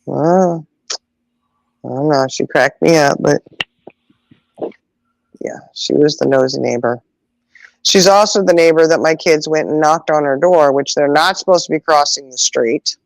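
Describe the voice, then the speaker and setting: A middle-aged woman hosting a podcast tells stories in casual chat, her low, creaky voice animated as she acts out voices in quotes. She laughs often and draws out her exclamations, on a dry, low-quality recording.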